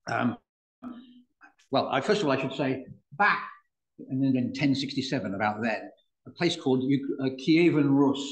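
A man's voice: mid-range voice, normal speed. An older man from the United Kingdom giving a public lecture, with dry humor and frequent restarts. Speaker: guest speaker. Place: public hall. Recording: roomy hall.

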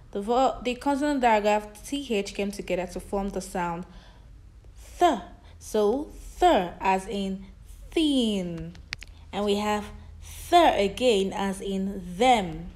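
A woman teaches phonics to young children at a deliberate, very slow pace. She draws out each letter sound and repeats every example word several times, so each one is clear. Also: mid-range voice.

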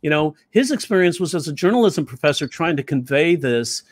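A man's voice: on the high side, brisk, dry recording, studio quality. A middle-aged man teaching comedy writing in a casual, jokey way, often acting out bits of dialogue. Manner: animated, jokey, acts out quotes. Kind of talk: casual comedy class talk.

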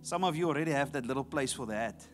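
A man's voice: medium pitch, rapid-fire, soft background music. A man preaching a sermon emphatically, repeating his key phrases. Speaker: pastor.

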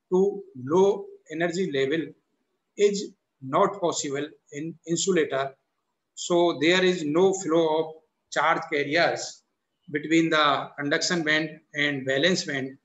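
A man with an Indian English accent giving a university lecture, halting and repetitive, often restarting with "so the" and "or we can say". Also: fairly high pitch, a bit bright, roomy sound, highs cut off. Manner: halting, repeats itself, frequent "so the" and "or we can say" restarts. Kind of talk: recorded classroom lecture.

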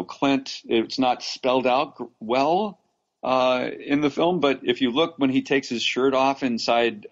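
A man's voice: medium pitch, highs cut off. A man from Los Angeles, an actor being interviewed, telling long stories with many restarts and fillers and frequent laughs. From Los Angeles, USA. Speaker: actor, podcast guest. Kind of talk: casual interview storytelling.

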